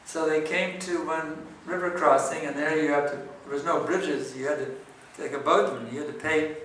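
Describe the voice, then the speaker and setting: A man's voice: a little high, fairly even intonation, normal speed, a bit bright, recorded from a distance, slight background noise. A man giving a devotional morning class and answering questions, speaking conversationally with frequent rhetorical questions, in a temple hall. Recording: echoey temple hall, speaker set back from the mic.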